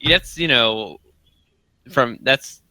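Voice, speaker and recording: A man's voice: mid-range voice, expressive, drawn-out words, sharp tone, no room sound. A man playing in a casual tabletop role-playing session, joking and stumbling over restarts. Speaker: player. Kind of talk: casual tabletop game chat.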